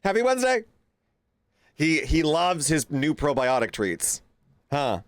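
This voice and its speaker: A young man hosting a casual livestream, his pitch bouncing all over as he greets chatters one by one and coos at his pet. The sound is close and dry, with no room around it. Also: very animated, unhurried, clear, resonant tone, dry recording. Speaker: streamer.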